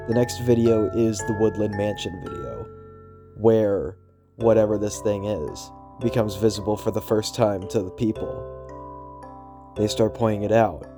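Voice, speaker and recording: Over music, a man with a scratchy throat narrates a horror story voiceover in a low monotone, dropping to a hush on the eerie lines.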